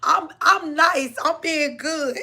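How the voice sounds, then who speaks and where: High gravelly woman livestreaming, unhurried. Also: pushed and bright. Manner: chatty, laughs often, calls viewers honey and baby. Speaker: livestream host. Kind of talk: casual livestream chat.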